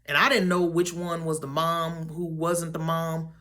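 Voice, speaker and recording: A young woman vlogger telling a story about a dream in a chatty, animated way, with many fillers and restarts. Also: low-pitched, unhurried. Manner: acts out her own and others' lines in quotes.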